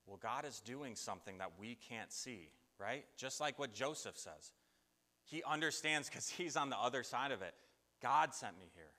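A man preaches with a bright, forceful voice, talking to his listeners in plain words and voicing their doubts before he answers them. His voice rings out with a long reverb, as from a large hall. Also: medium pitch, animated, moderate pace. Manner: conversational preaching, asking imagined listeners' questions. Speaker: pastor. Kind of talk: sermon.

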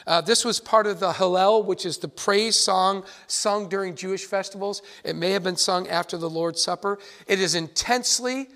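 A pastor delivers a sermon in a fairly high male voice. He speaks earnestly and with emphasis, circling back to repeat key phrases so his listeners catch them. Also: moderate pace, hardly any pauses, a bit bright.

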